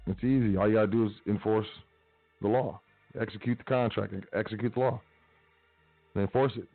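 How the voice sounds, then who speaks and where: Talk radio host, male, low voice, casual and emphatic, phone-thin sound, dry. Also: fairly even intonation, fairly quick, no echo, soft background music. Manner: casual, emphatic, repeats phrases. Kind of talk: motivational talk radio monologue. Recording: tinny phone-like line, dry.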